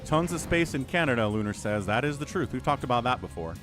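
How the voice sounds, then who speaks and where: Lively sarcastic man casting games. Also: mid-range voice, quick pace, music in the background. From United States. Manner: sarcastic, rambling, chatty with chat. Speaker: esports caster and streamer. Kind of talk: casual game commentary.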